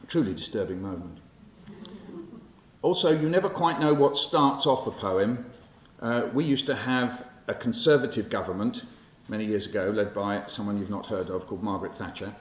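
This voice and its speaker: Low-voiced older man lecturing in a roomy hall. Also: moderate pace. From England. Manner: conversational and wry, with frequent fillers and self-corrections. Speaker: poet giving a public lecture. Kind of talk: lecture with poetry readings. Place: library lecture hall with an audience. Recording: roomy, muffled hall recording with faint hiss.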